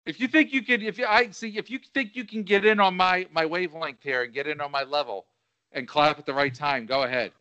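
A man on a podcast reading rap lyrics aloud as a bit, rapid-fire, breathless and laughing, in slightly lo-fi podcast audio. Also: a little high, bright, forceful tone.

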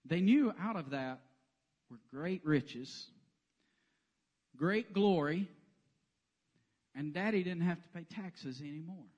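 A man's voice: a little high, slow pace, pauses often, lo-fi sound. A man preaching a sermon in a church sanctuary, telling the story with humor. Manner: animated, joking storyteller. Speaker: pastor.

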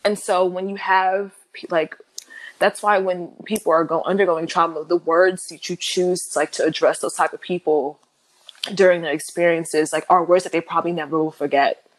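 A young woman guest speaking candidly in an interview, halting with many fillers and restarts, lively when she quotes others. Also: lowish voice, low-quality recording.

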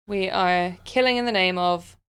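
A woman from southwest England co-hosting a casual podcast, wry and quick to laugh. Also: fairly low pitch, a bit bright, clear, resonant tone. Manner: laughing, wry, matter-of-fact. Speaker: podcast co-host.

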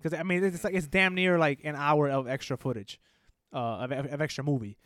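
A man's voice: on the high side, fairly even intonation, a little fast, a bit bright, no room sound, clean studio sound. A man co-hosting a casual podcast chat, telling stories in a rambling way and laughing easily. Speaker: podcast co-host.

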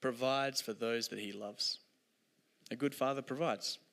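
A man preaching a sermon, telling stories earnestly and letting his voice drop soft at the end of each point. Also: mid-range voice, steady tone, measured pace, gravelly. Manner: earnest, storytelling, voice dropping soft at ends of points. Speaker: pastor. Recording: long hall reverb.

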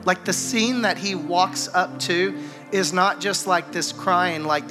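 Casual male preacher, high-pitched, storytelling sermon with a music bed. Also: slow. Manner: conversational preaching, acts out scripture dialogue. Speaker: pastor. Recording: music playing behind.

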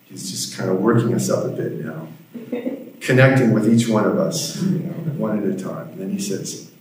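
A man's voice: lowish voice, moderate pace, a little mellow. A male pastor preaching a sermon, telling a story with dry humor, recorded in a church hall. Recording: heavy room echo.

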